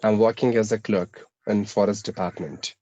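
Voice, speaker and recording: A man with a mixed Indian, American and British English accent, speaking in a measured, explanatory way with frequent pauses and restarts in a casual conversation. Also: on the low side, steady tone, mellow, muffled recording.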